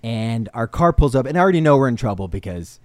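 Animated man telling a story, dry sound. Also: mid-range voice, quick pace, dry recording. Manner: animated storytelling with laughs and restarts. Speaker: podcast co-host. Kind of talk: casual podcast chat, storytelling.

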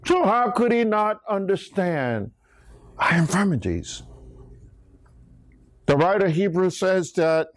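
Preacher, male, high and unhurried, storytelling sermon with exclamations. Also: dry recording. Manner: animated storytelling with call-and-response exclamations.

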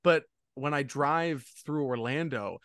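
A man's voice: a little high, a little slow, a bit bright, dry recording, clean studio sound. A man hosting a podcast, chatting enthusiastically, often laughing. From Florida, United States. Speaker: podcast host. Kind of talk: casual chat.

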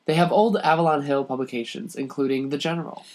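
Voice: medium pitch, fairly even intonation, quick pace, darkish tone. Young adult reading fan letters with laughs. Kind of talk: casual chat reading listener letters. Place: family home.

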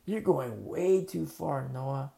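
A man's voice: fairly high pitch, takes it slowly, vocal fry, mellow, full character voice. A man preacher voicing an incredulous, taunting male neighbor in a sermon. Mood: mocking. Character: scoffing male neighbor mocking a boat builder.

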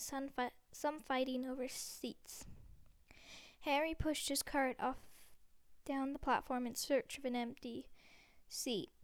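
Give me a woman reading a novel aloud with small stumbles and restarts. Her voice is smooth and high-pitched. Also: no room sound. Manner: steady, with frequent slips and restarts. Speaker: reader.

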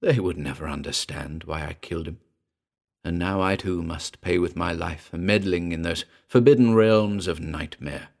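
A man narrating a first-person horror story in a slow, grave, measured delivery. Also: deep voice, gravelly, a little mellow. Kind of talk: dramatic horror story reading.

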